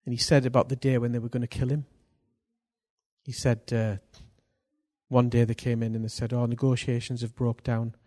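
A man preaching a sermon, swinging between hushed lines and loud, drawn-out bursts for emphasis. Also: mid-range voice, little pitch movement.

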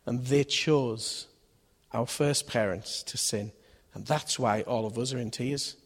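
A man's voice: mid-range voice, slow pace, slightly rough. A man preaching a sermon in a conversational way, asking his listeners questions and acting out voices in his stories. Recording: long hall reverb.

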